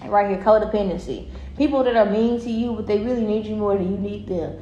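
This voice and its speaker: Woman tarot reader, mellow voice, blunt and profane, recorded in a roomy space. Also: mid-range voice, fast talker, muffled recording, slight background noise. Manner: blunt, heavily profane, animated storytelling. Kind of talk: casual tarot reading monologue.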